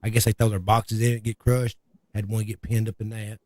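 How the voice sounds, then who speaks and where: Man, lowish voice, drawling, loose casual talk, dry sound. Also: flat delivery, a little fast, a little mellow, no room sound. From Tennessee. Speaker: guest, emergency responder. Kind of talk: casual chat.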